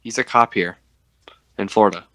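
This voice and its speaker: A man's voice: lowish voice, normal speed, fairly bright tone, no room sound. A man co-hosting a casual podcast, rambling with lots of swearing. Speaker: podcast co-host. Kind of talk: casual chat.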